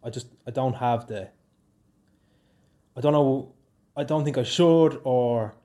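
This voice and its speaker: A young man with a Dublin Irish accent hosting a casual solo podcast, rambling and joking, his pitch and loudness swinging up and down. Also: takes it slowly. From Ireland. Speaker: podcast host.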